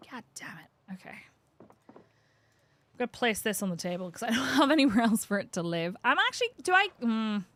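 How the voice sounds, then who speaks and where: A young woman streaming a video game live, chatting and swearing with excitable, laughing reactions. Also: mid-range voice. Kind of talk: live gameplay commentary.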